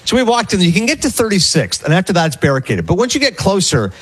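Male radio co-host, high husky voice, rapid rambling anecdotes. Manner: rambling, animated storyteller acting out quotes. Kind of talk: casual storytelling chat.

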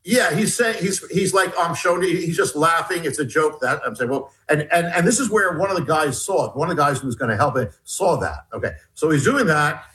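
Guest author, male, slightly high voice, storyteller who rambles and restarts often. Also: rough recording. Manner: rambling, halting restarts, excited retelling. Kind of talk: storytelling interview.

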